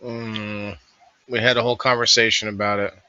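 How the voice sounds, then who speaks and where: A man's voice: lowish voice, level tone, normal speed, sharp tone, smooth, dry recording, lo-fi sound. A man hosting a casual review, thinking aloud in a rambling voice-over. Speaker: host reviewing a vendor fair.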